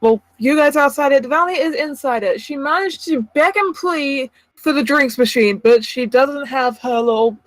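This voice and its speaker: A woman narrating a tabletop game as game master, pausing often with ums and uhs. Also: high-pitched, dry recording, rough recording. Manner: hesitant, full of ums and uhs.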